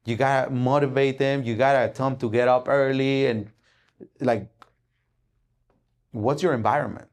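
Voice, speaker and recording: A man giving a motivational talk, telling a parable in animated storytelling style, acting out the dialogue and often tagging lines with "right?". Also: medium pitch, normal speed, long pauses. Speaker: speaker at an investing event.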